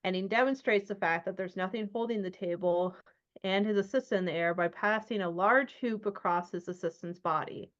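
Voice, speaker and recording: A woman's voice: medium pitch, fairly quick. A woman narrating a tabletop horror game as game master, loose and chatty, with many ums and likes. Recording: dull lo-fi sound.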